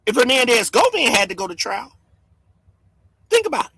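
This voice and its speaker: A man hosting a livestream, yelling and cursing in fired-up commentary from home. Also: extremely high pitch, sing-song, normal speed, creaky, husky, no room sound. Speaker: livestream host.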